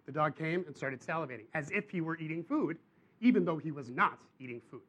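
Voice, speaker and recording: A young adult man, preaching a sermon and telling a personal story with animated bursts of emphasis. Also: fairly high pitch, brisk.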